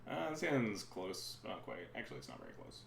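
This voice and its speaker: A man's voice: lowish voice, huge pitch swings, brisk, vocal fry, reverberant, noisy background. A man streaming a card game from home, giving casual, rambling commentary that keeps breaking off mid-sentence. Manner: chatty, rambling, self-interrupting. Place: room at home.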